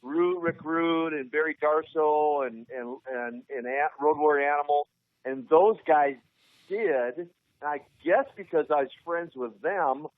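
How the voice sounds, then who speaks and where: A man's voice: fairly high pitch, unhurried, dry recording. A man in his fifties from Minnesota, a guest telling stories in an interview, acting out other people's lines with energy. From Minnesota, USA. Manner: animated storyteller who acts out dialogue. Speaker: interview guest, former pro wrestler. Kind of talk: storytelling on a podcast interview. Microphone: phone call. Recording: tinny phone line.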